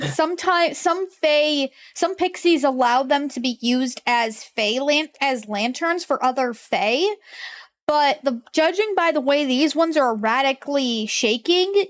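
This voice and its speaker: A woman narrating a tabletop game as game master, talking in halting bursts full of fillers. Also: high voice.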